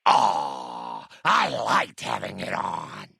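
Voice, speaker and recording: Man voicing Lily Bowen, gravelly mutant grandma. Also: low-pitched, huge pitch swings, extremely slow, bright, forceful tone, no room sound, clean studio sound, heavily acted. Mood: doting. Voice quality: gravelly, raspy. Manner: doting, sing-song, calls everyone dearie. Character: kindly old grandmother super mutant, muddled and motherly. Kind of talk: video game voice dub.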